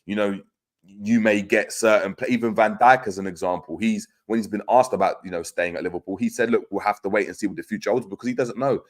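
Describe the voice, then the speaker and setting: A man with a low voice hosts a relaxed live football chat. He reads viewer comments aloud and reacts to them in a loose, conversational way, with frequent fillers and restarts. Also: fast. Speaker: football podcast host.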